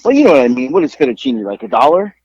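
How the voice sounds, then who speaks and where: A man's voice: mid-range voice, sing-song, very fast, a little mellow, highs cut off. A man co-hosting a podcast who calls in while out shopping. He chats casually, teasing himself and rambling with lots of restarts. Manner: self-deprecating, rambling with restarts. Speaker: podcast co-host. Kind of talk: casual banter. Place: out shopping, calling in by phone.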